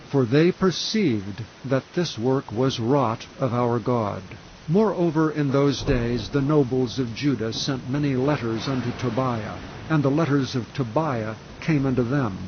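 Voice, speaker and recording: A man reading scripture aloud in a slow, even, measured way, calm enough for sleep. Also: mid-range voice, dull audio, a little hiss or hum. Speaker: scripture reader. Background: faint rain sound.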